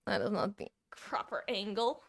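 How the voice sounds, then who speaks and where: A woman's voice: mid-range voice, normal speed, creaky, dry recording. A young woman streaming a game live, chatting casually and giggling, sometimes cooing to her cat. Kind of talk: casual live-stream chat while gaming.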